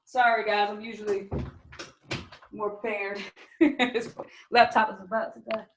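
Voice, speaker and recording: A woman's voice: medium pitch, little pitch movement, measured pace, a little hiss or hum, low-quality recording. Chatty young woman teaching a live class. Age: young adult. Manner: casual, chatty, addresses viewers as "you guys" and "y'all"; checks in often with "okay?" and asks for chat answers. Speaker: trading instructor. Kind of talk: live screen-share training session.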